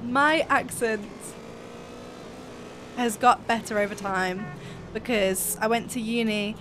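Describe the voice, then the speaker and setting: A young woman from near Birmingham with a softened Brummie accent, chatting fast and mumbling as co-commentator over a speedrun. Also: medium pitch, fairly even intonation, music in the background. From English Midlands, near Birmingham. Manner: fast-talking, mumbles, laughs often. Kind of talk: casual chat over gameplay.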